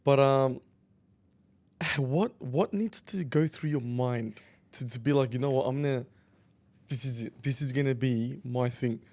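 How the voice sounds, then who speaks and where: A man hosting a podcast, asking questions in a relaxed, chatty way. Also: mid-range voice, measured pace. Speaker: podcast host. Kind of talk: casual interview chat.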